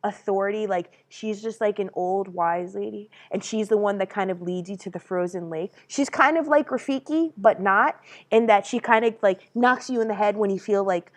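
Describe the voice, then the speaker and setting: A woman co-hosting a casual stream, talking at a medium pitch. She brainstorms in an animated, rambling way, tosses in swear words and breaks into laughter. Her delivery is loose and unscripted. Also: moderate pace. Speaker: streamer co-host.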